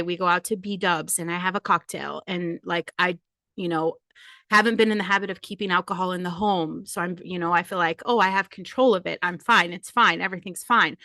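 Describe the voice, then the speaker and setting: A woman in her forties speaks candidly, holding back tears. Her voice is bright and forceful and sits a little low. The recording is dry and close, with no room sound. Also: no room sound. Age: 40s. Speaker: podcast host. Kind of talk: personal confession monologue.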